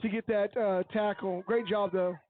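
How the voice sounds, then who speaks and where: A man giving coach-like color commentary on a high school football game, earnest and openly emotional as he breaks down each play. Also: steady tone, normal speed, narrow, tinny audio. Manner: analytical, coach-like breakdowns of plays.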